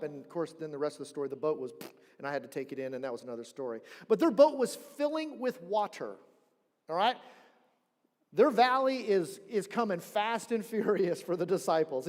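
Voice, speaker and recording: A man preaching a sermon as pastor, telling a story in an animated way and acting out the people he quotes. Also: high-pitched. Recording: long church hall reverb.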